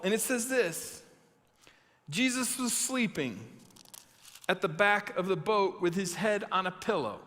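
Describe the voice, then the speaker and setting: A young man preaching a youth sermon, reading a Bible story and acting it out with animated voices. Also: high voice, unhurried, long pauses, big-room sound. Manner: animated, acts out the story with shouted quotes. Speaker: youth pastor.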